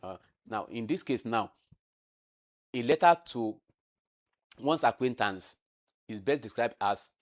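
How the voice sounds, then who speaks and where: A man talks through past exam questions at a medium pitch. He explains step by step, repeats key terms and stretches words to stress them. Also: expressive, slow pace, long pauses. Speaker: teacher. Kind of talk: exam revision lecture.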